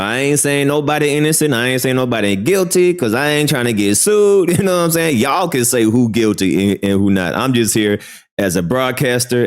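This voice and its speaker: A man hosting a casual livestream news commentary who hedges his claims and keeps repeating "all right.". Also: mid-range voice. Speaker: commentary channel host.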